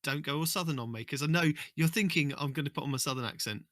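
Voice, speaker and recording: Male co-host, bright crisp tone, relaxed and a little halting. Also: on the high side, dry recording, clean studio sound. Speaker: podcast co-host. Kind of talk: casual gaming podcast chat.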